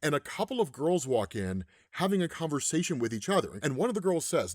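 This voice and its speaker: A man in his forties gives a casual recap of a comic and keeps dropping in "right?" asides. His pitch is a bit high and moves around a lot. The sound is dry and close to the mic. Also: big pitch swings, fairly quick, few pauses, dry recording. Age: 40s. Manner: chatty, with lots of "right?" asides. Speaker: comics explainer host.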